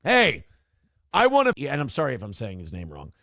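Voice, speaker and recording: A man's voice: mid-range voice, wildly swooping pitch, fairly quick, creaky, sharp tone, no echo, studio quality. A man hosting a live-streamed morning talk show, sarcastic and combative, over and over saying he is sorry. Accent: Upper Midwest American. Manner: repeatedly apologizing, sarcastic and combative.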